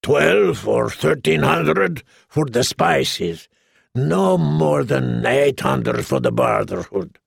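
Greedy merchant prince, a man doing the voice, teasing, drawling, slow, dry close sound. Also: medium pitch, very animated, vocal fry, breathy edge, no echo, heavily acted. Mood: sly wheedling. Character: sly wealthy male merchant prince, mocking and greedy.

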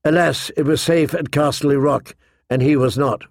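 A man reads a fantasy novel aloud in a steady, measured storytelling voice. His tone is slightly raised for a man and noticeably gravelly, recorded close and dry with no room sound. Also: a little high, no room sound. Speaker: audiobook narrator. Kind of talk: scripted narration.

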